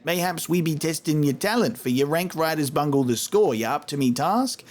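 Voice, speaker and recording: Man playing a sneering alley thief, heavy old slang, voice pushed up higher. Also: animated, normal speed, lightly acted. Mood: scornful. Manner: scornful, archaic slangy talk. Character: gruff street thief speaking thick thieves' slang.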